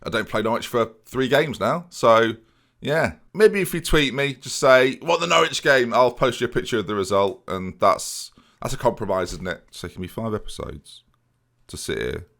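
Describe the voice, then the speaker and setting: A man's voice: medium pitch, lively intonation, normal speed, vocal fry, fairly bright tone. A young man hosting a gaming video, giving casual let's-play commentary in a sardonic, self-mocking way and talking straight to his viewers.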